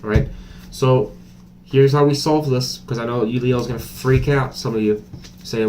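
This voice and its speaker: A man's voice: mid-range voice, fairly even intonation, moderate pace, mellow, slight background noise. A man doing a casual tarot reading to camera, chatty and blunt, thinking aloud with many fillers. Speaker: tarot reader.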